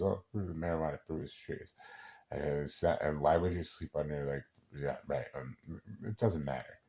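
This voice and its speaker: A man's voice: rumbling low, darkish tone. A man in a casual personal monologue who rambles, swears freely and keeps restarting his sentences. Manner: rambling and profane, with many halting restarts.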